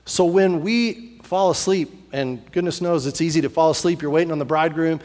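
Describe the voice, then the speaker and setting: A pastor preaching to his congregation, his voice a little higher than most men's. He tells the story with animated repetition, stacking phrase upon phrase. The sound rings with the long reverb of a church hall. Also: brisk. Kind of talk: sermon.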